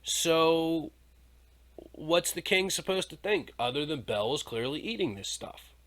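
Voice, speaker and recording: A man's voice: fairly high pitch, lively intonation, unhurried, a bit bright. A male podcast host in a casual, irreverent discussion who jokes around and swears freely.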